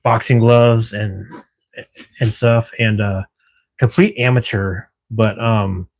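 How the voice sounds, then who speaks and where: Lower-voiced, chatty livestreaming man. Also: steady tone, slow pace, darkish tone. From Washington State, US. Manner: chatty, laughs easily, swears casually. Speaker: livestream host. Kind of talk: casual live-stream chat with viewers. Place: at work at night.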